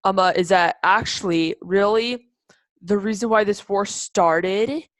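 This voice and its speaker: A female student answering in class, hesitant and filling pauses with ums and uhs. She speaks slowly, and her voice is close and dry with little room sound. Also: medium pitch, dry recording, poor audio. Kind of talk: classroom discussion.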